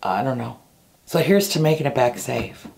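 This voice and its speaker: A middle-aged woman vlogger chatting to camera in a casual, self-mocking way, her voice often trailing off low at the ends of phrases. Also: moderate pace, gravelly, a little mellow.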